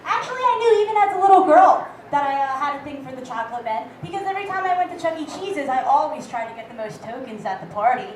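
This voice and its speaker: A woman's voice: high voice, expressive, fast, hardly any pauses. A young woman doing a brash, raunchy, self-mocking stand-up set on a comedy club stage. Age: young adult. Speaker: stand-up comic. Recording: echoey club, far from mic, faint noise.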